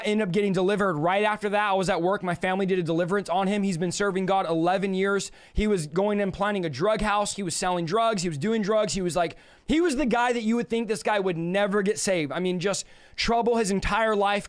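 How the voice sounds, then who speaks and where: Man, high voice, personal testimony, lively storytelling, acts out quotes. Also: brisk, smooth. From California. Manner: animated, acts out quoted dialogue. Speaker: guest sharing a testimony.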